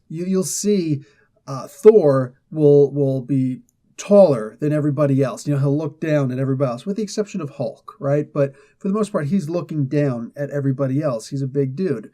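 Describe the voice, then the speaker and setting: A man casually retelling a comic book story, animated and laughing, often slipping into the characters' voices. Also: on the high side.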